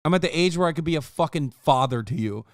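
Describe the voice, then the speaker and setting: A man's voice: fairly high pitch, expressive, fast talker, no echo, studio quality. A man in his thirties giving profane, sarcastic reaction commentary, ranting at what he watches. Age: 30s. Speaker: streamer reacting to a video.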